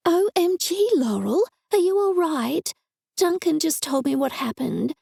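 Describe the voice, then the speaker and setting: A woman voicing an excitable, chatty young woman friend in an audiobook, speaking high and breathless. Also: measured pace, gravelly, dry recording, clean studio sound, full character voice. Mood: concerned.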